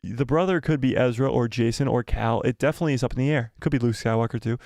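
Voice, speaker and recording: A man hosting a live watch party stream, talking excitedly and breathlessly, swearing and repeating himself while reading viewer comments. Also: mid-range voice, fast, no room sound, clean studio sound.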